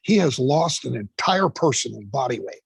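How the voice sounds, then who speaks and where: Husky, emphatic male storyteller. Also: mid-range voice, expressive, normal speed, no echo, low-quality recording. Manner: emphatic storyteller who swears freely. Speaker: guest, class instructor. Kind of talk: casual interview talk.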